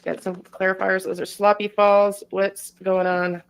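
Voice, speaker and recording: During a live stream, a woman hosting her own channel reads tarot cards for viewers and chats casually. Her speech is hesitant and halting, full of stops, restarts and self-interruptions, delivered in a flat, level tone at a middle pitch. Her voice is creaky, and the low-quality recording carries slight background noise.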